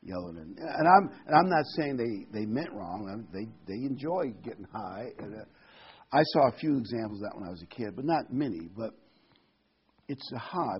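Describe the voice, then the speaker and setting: A man's voice: mid-range voice, husky, muffled recording. A man preaching an informal sermon, talking conversationally and telling the story with restarts and asides.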